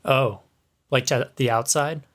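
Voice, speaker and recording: A man's voice: medium pitch, steady tone, measured pace, a bit bright. Chill guy playing a tabletop game, chuckly, middle voice. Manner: easygoing, chuckling. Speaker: player.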